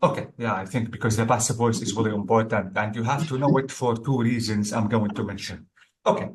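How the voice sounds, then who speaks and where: A man's voice: lowish voice, fairly even intonation, fairly quick, slight background noise. A male English exam tutor teaching one-on-one, explaining step by step and often checking in with "okay?".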